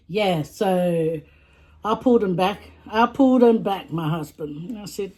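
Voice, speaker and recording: A woman's voice: mid-range voice, normal speed, dark tone. A woman with a Samoan English accent chatting in a casual storytime vlog while eating, talkative, laughing often and repeating herself. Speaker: vlogger.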